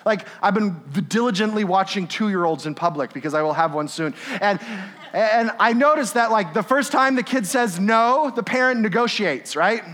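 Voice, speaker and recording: A young man delivers a sermon in a loose, talkative way, with a voice that sits high for a man. He keeps checking in with the congregation through quick tag questions and acts out short everyday scenes as he goes. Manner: animated and conversational, with laughs and tag questions. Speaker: pastor.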